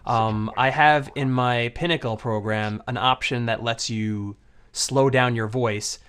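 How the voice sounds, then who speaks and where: A man's voice: mid-range voice, steady tone, measured pace, a bit bright, clean tone. A man giving casual commentary over his own old anime videos, rambling, with many fillers and restarts.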